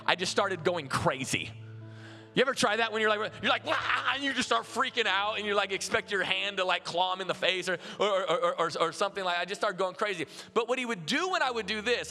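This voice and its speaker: Pastor guy preaching, high bright voice, super casual storytelling, lots of restarts, live church reverb. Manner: conversational, animated storytelling with many restarts. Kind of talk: sermon. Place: large church auditorium.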